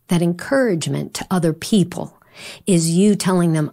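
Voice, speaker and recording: Woman host for a faith podcast, warm low voice, earnest and encouraging storyteller. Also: moderate pace. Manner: earnest storytelling with fillers and restarts. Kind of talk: devotional podcast teaching.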